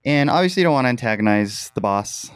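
A man co-hosting a podcast, speaking in a measured, thoughtful way during casual advice chat. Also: medium pitch, expressive, clean tone, no echo. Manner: measured, thoughtful, with some fillers. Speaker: podcast co-host.

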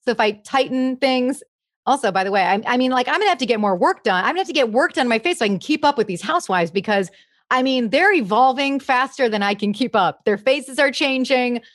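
Lively woman guest, talks shop with a laugh, dry close mic. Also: fairly high pitch, fast, no room sound. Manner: animated, laughs often, slips into brief impressions. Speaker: impressionist guest. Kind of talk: casual interview chat.

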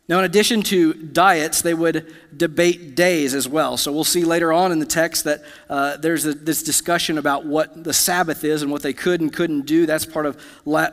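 Young pastor preaching in a reverberant church. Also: male voice, a little high. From United States. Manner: conversational, storytelling with asides to the congregation. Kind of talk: sermon. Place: church sanctuary. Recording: long hall reverb.

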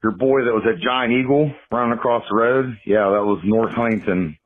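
Husky man on a tinny phone line. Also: mid-range voice, a little fast. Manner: rambling, profane, friendly. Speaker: caller. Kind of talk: phoned-in voicemail.

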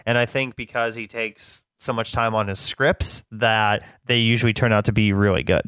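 Smooth-voiced man chatting about movies. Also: fairly low pitch, steady tone, normal speed, a bit bright, no echo, clean studio sound. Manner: rambling, many fillers and "like". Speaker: podcast co-host. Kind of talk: casual chat.

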